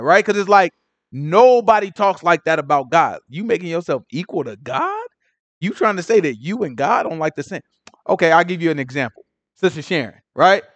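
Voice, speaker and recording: High, animated man teaching Bible study. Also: normal speed, no echo. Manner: lively, conversational, repeats phrases, asks questions.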